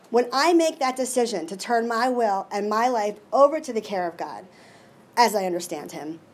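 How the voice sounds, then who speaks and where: Emotional, expressive woman sharing her recovery. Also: a little high. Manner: emotional, expressive, with many restarts. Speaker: recovery meeting speaker. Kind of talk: personal recovery share.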